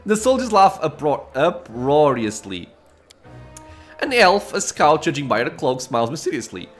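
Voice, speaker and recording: A man hosting a let's play, reading the game's story text aloud with casual asides and quick self-corrections. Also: a little high, big pitch swings, soft background music.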